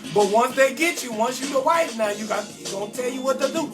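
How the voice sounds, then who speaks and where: High-voiced New man, brash and rambling. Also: brisk, recorded from a distance, over music. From New Orleans. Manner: brash, rambling, slips into sing-song. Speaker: comedian host of a live call-in show. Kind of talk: live-streamed comedy talk show.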